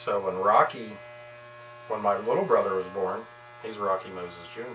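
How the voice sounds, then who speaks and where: Folksy barber chatting over clipper hum. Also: male voice, fairly low pitch, moderate pace, fairly bright tone, echoey room. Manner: easygoing, folksy, rambling. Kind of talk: casual chat while cutting hair. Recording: distant mic with electrical hum and clipper buzz.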